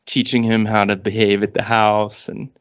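A man's voice: on the low side, level tone, moderate pace, fairly bright tone, lo-fi sound. A man co-hosting a podcast, chatting casually in a wry, rambling way with frequent fillers. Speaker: podcast co-host.

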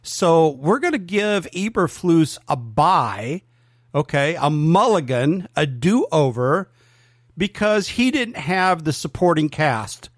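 A man's voice: a little high, no room sound, clean studio sound. A man co-hosting a sports talk show, arguing the other side of a debate. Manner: argumentative, playing devil's advocate.

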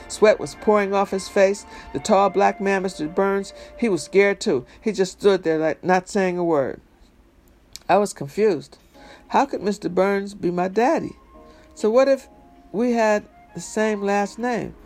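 A man's voice: sits high, unhurried, a little mellow, faint music behind. A man reading a memoir aloud in an emphatic, conversational storytelling manner. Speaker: reader.

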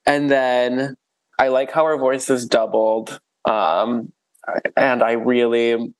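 A man's voice: mid-range voice, slow, clear, resonant tone. Chatty, laughing man podcast co-host. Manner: animated, laughs often, many fillers. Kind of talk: casual chat reviewing an album.

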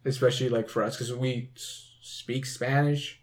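A man's voice: medium pitch, fairly even intonation, moderate pace. A young man hosting a podcast in casual chat, rambling with many fillers and restarts. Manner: rambling, lots of "like" and restarts, laughs easily. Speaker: podcast host.

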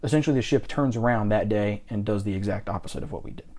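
A man from the United States co-hosting a podcast, chatting casually about a river cruise and telling animated stories. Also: lowish voice, quick pace. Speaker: podcast co-host. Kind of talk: casual travel chat.

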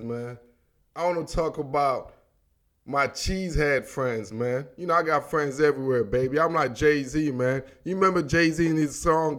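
High-pitched guy from africa doing a loose sports talk rant, slangy, keeps saying dog and man, chuckles a lot. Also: a bit bright. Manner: slangy, rambling, fills lines with "dog" and "man"; laughs often mid-sentence. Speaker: sports talk show host. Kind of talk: casual sports commentary monologue.

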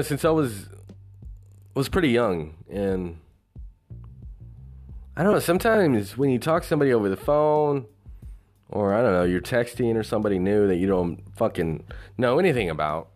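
A man's voice: mid-range voice, very animated, normal speed, long pauses, darkish tone, soft background music. A man talking casually about a movie in a rambling monologue, swearing freely and filling gaps with "you know" and "like". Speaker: movie reviewer.

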